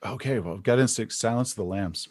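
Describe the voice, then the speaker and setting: A man with a husky, slightly low voice chats as a podcast guest. He tells loose, rambling stories and often restarts mid-sentence. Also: a little fast, a little mellow. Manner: rambling, chatty storytelling with frequent restarts. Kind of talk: casual conversation.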